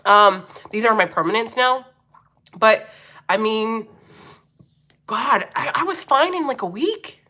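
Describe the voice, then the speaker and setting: A woman's voice: a little high, animated, takes it slowly, pauses often, pushed and bright. A woman in her forties from Philadelphia with a Philly accent, hosting a casual livestream, reading comments, laughing often and swearing freely. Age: 40s. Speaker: livestream host.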